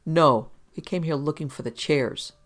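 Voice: medium pitch, normal speed, lightly acted. A reader doing a blunt hard-faced sergeant. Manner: blunt, clipped. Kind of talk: audiobook reading.

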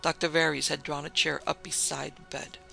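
Male narrator for a dark tale, gravelly, a touch high, faint music underneath. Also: flat delivery, fairly quick, rough recording. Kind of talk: scripted story narration.

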